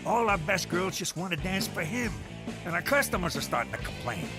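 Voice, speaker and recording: A man voicing a dim, wisecracking mob sidekick uncle in a cartoon, deadpan in delivery. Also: high-pitched, brisk, music in the background. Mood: worried.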